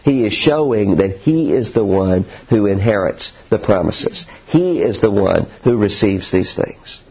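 Husky-voiced man preaching a sermon. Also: lowish voice, unhurried, muffled recording. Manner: earnest, animated storytelling with acted quotes.

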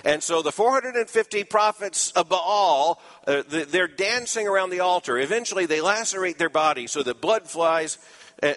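Man preaching a sermon, slightly high voice. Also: a bit bright, big-room sound. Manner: earnest expository preaching with dry asides.

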